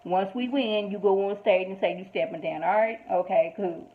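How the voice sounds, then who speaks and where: A TV show reviewer, a woman with a medium-pitched voice at a moderate pace, chats her way through a casual recap and review of an episode. She tells it with animated emphasis and quoted asides, and the audio sounds tinny, like a phone.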